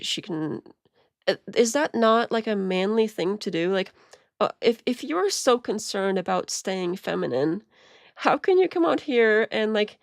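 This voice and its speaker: A woman's voice: mid-range voice, dry recording, clean studio sound. A woman streamer giving rambling, laughing commentary on video clips. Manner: rambling, many restarts and laughs. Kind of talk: casual commentary.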